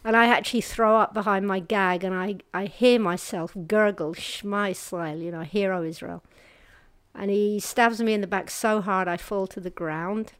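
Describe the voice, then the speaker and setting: A woman with a medium-pitched, clear and resonant voice offers a personal testimony to an audience, earnest and halting, with restarts and hushed pauses when things get hard. Her tone stays steady while her vivid telling alternates between brisk and slow, quiet passages, recorded dry and close with no room around it.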